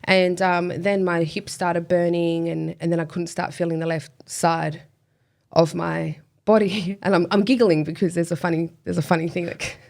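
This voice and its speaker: Speaking as an interview guest, a woman tells a personal story at a moderate pace in a somewhat low voice with a steady creaky fry. She's chatty, uses many fillers, and laughs at herself along the way.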